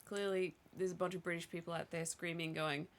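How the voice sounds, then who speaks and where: A woman's voice: on the low side, level tone, brisk, slight background noise. Chatty, teasing woman. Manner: chatty, laughs often, teasing. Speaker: co-host. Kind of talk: casual snack-tasting chat.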